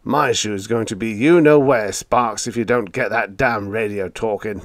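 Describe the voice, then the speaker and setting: A man voicing a gruff, hot-tempered old spaceship captain who roars and blusters in a radio-play style. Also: fairly low pitch, normal speed, no room sound, clean studio sound, lightly acted. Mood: blustering. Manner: roaring, blustering.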